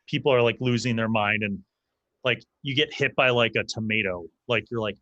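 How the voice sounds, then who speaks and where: A man's voice: mid-range voice, steady tone, moderate pace, a bit bright, no echo, muffled recording. Rambling man narrating a tabletop game. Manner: loose, rambling narration full of "like". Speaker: dungeon master.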